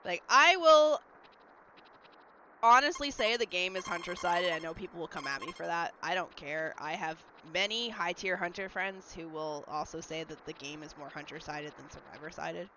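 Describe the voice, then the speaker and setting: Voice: mid-range voice, normal speed, background noise. A livestreamer in casual, rambling chat while gaming at home, answering messages from chat. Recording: slightly dull lo-fi mic. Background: faint game music.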